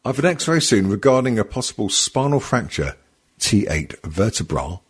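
Guy hosting a podcast, husky voice, swears a lot, rambles, pitch jumps all over. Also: very animated, normal speed. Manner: sweary, rambling, laughs often. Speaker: podcast host. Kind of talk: casual comedy podcast chat.

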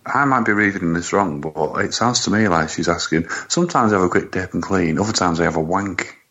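Deep-voiced male co-host, crude joker, on a dull lo-fi recording. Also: a little fast, fairly bright tone, husky. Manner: crude, jokey storyteller. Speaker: podcast co-host. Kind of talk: casual chat.

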